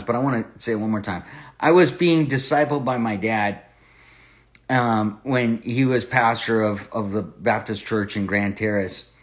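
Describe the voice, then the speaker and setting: A man's voice: medium pitch, a bit bright. A man hosting a Bible study podcast, telling a personal testimony in an earnest way and often restarting his words. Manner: earnest storytelling with frequent restarts. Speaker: podcast host and Bible teacher.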